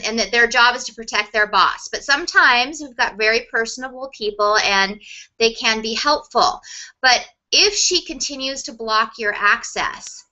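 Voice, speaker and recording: A middle-aged woman sales coach teaching a webinar, chatty and quick, with restarts and laughs. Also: fairly high pitch, sharp tone, poor audio.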